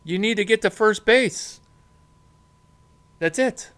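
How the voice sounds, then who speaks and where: A man giving an animated talk about startups, emphatic and punchy, jumping up in pitch to stress points. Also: takes it slowly, smooth. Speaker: startup advisor. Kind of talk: animated monologue to camera.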